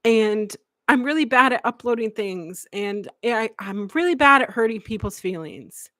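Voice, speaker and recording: A woman's voice: on the high side, lively intonation, moderate pace, a bit bright, no room sound, clean studio sound. Blunt, emotional woman podcaster. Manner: emotional, blunt, swears freely. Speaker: podcast host. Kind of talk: candid live podcast monologue.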